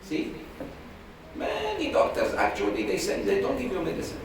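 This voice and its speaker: His voice is high and swoops wildly in pitch at a moderate pace as he teaches a religious class conversationally, voicing characters in the stories he tells. It was captured from far off in a noisy, reverberant room.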